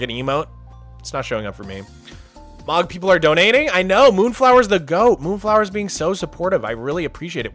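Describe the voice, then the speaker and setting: Young male streamer, bright and fairly high, chatty chat-reader, faint music under. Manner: chatty, reads chat aloud, loose restarts. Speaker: streamer host. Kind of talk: casual livestream chat.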